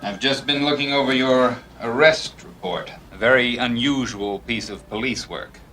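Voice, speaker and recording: A man's voice: medium pitch, moderate pace, sharp tone, a little hiss or hum, natural voice. An actor playing a stern male district attorney who scolds a police officer in a curt, lecturing way.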